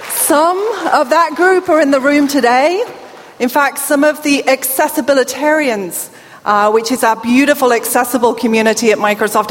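A high-pitched middle-aged woman with a British accent and a slight deaf accent delivers a keynote on stage, teasing and joking with the crowd. Her voice rings through a large hall with a long reverb tail and a faint murmur of room sound. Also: slight background noise. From England. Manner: playful, jokes and banters with the audience. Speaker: keynote speaker. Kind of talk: conference keynote speech.

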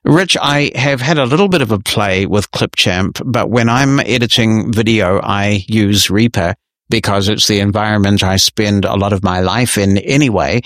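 Man, podcast host, low voice, measured and friendly, answering listener mail, dry close sound. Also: a bit bright, no room sound. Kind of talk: reading and answering listener emails.

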